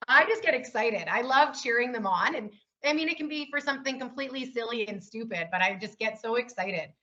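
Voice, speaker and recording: A woman's voice: fairly high pitch, lively intonation, fairly quick, pushed and bright, muffled recording. A woman keynote speaker talking casually and with enthusiasm in an interview. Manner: upbeat and enthusiastic.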